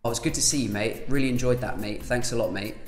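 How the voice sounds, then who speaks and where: A man's voice: medium pitch, fast talker. A man with a British accent leads an English lesson, repeating short example phrases in drills. The recording sounds echoey, with faint music underneath. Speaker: English teacher. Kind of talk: scripted tutorial.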